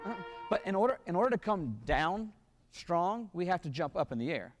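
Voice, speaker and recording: A man's voice: high-pitched, sing-song, a little fast, in a large hall, music in the background. A man rehearsing a wind band as a clinician, singing rhythms with syllables and counting the players in.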